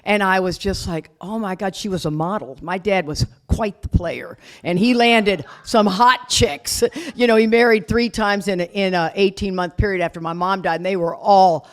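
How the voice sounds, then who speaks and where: A middle-aged woman shares her recovery story at a retreat. She talks candidly, with self-deprecating humor, in a voice of ordinary pitch for a woman. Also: normal speed, hardly any pauses. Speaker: recovery speaker. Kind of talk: personal recovery talk.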